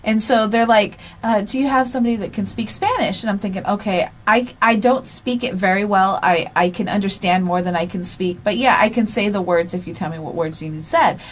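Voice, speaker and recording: A woman co-hosting a casual morning radio show, chatty and quick to laugh. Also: mid-range voice, distant mic. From Hispanic background, United States. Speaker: radio host.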